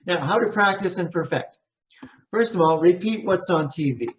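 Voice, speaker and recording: A middle-aged man leading a pronunciation workshop, saying word pairs slowly and repeating each sound to demonstrate it. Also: high-pitched, animated, a little hiss or hum. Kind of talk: workshop teaching.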